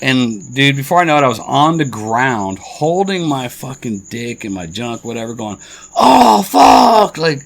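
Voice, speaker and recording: A man's voice: mid-range voice, animated, moderate pace, few pauses, fairly bright tone. Laid-back swearing man telling stories. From Colorado. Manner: profane and laid-back, says "dude" constantly. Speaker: podcast co-host. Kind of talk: casual chat, storytelling.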